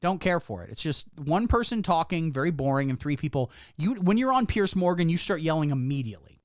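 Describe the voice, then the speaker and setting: A man's voice: on the high side, very animated, fairly quick, dry recording, studio quality. Sarcastic, rambling male streamer. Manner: sarcastic, rambling, swears a lot. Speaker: livestreamer. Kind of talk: casual live-stream commentary.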